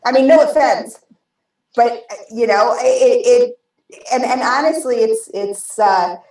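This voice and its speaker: A woman's voice: fairly high pitch, unhurried, a little mellow. An American woman chatting casually as a guest on a podcast, rambling with lots of restarts and fillers. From United States. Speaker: guest vape show host. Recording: roomy, distant mic.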